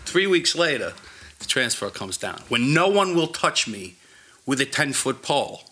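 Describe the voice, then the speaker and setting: A man's voice: mid-range voice, very animated, moderate pace, sharp tone. Blunt New ex-cop man. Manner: blunt, profane storytelling. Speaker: retired police officer guest. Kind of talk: casual storytelling chat.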